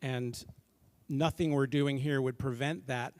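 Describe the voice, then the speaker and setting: A man's voice: mid-range voice, steady tone, measured pace, a little mellow. A man on a school board, thinking aloud and checking facts at a meeting. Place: public meeting room.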